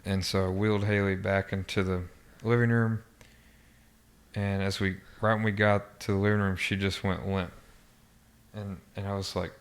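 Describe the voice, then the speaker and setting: A man as a podcast guest, recounting a personal memory in a halting way, with frequent restarts and fillers, subdued and quiet at times. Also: low-pitched, clean tone. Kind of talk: personal recollection in an interview.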